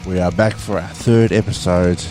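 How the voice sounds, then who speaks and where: A man's voice: sits low, steady tone, normal speed, music in the background. A man co-hosting a podcast, chatting in a laid-back way and swearing freely. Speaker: podcast co-host. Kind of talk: casual podcast chat.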